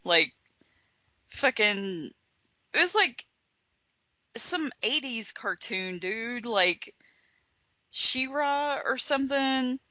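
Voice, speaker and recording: Slow-talking, laughing female podcast host. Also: fairly high pitch, expressive, sharp tone, no room sound. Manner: laughs often, swears casually, unhurried. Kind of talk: casual movie-review chat.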